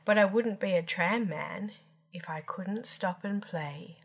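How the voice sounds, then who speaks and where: A woman's voice: lowish voice, unhurried, a bit bright. A woman storyteller reading children's rhyming poems aloud with lilting, playful emphasis.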